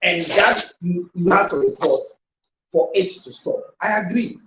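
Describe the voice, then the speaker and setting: A man hosts an advice show as counselor and explains things firmly. His voice sits fairly high for a man. It rings in an echoey room, with a faint hiss underneath. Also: measured pace. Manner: firm, explanatory, advising. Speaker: counselor and host.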